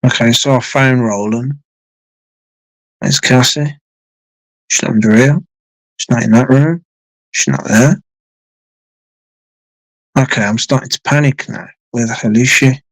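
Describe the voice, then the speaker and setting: A man's voice: medium pitch, unhurried, long pauses, no echo, rough recording. A man telling a long personal story on a live stream in a casual, rambling way, swearing freely and repeating himself.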